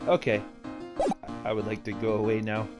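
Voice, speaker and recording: A woman voicing a flustered young male defense lawyer, low and hesitant, stammering. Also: monotone, normal speed. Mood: sheepish. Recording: loud video game music behind.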